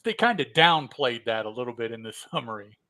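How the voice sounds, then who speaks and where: A man's voice: medium pitch, sing-song, a little fast, bright, forceful tone, no room sound. A man co-hosting a podcast, adding wry, joking comments about comics. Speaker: podcast co-host. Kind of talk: casual chat about comics.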